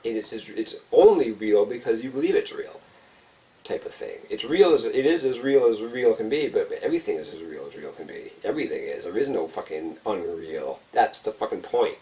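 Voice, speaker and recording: A man's voice: fairly low pitch, very animated, a little fast, dark tone, far from the mic. Rambling man on mushrooms. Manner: rambling, awed, heavy swearing, many restarts. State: on psychedelic mushrooms. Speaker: vlogger giving a trip report. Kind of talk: rambling spoken trip report.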